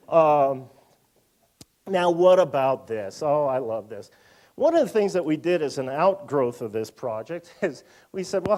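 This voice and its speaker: A man in his fifties giving a public lecture in a museum auditorium, animated and full of joking asides. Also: a little high. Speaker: university lecturer.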